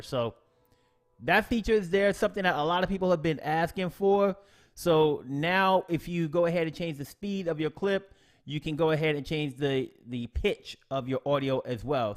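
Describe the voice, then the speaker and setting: A young man hosting a casual live stream tutorial, chatty and upbeat, with playful slang, reading out viewers' comments. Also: medium pitch. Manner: upbeat, slangy, chatty, reads chat shout-outs aloud.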